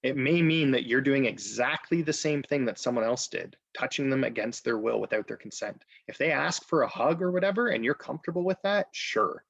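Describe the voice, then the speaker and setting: Gravelly man giving an earnest webinar talk. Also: medium pitch, brisk, hardly any pauses, no room sound. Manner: earnest, frequent "okay?" check-ins. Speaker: trainer. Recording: dull lo-fi webinar audio.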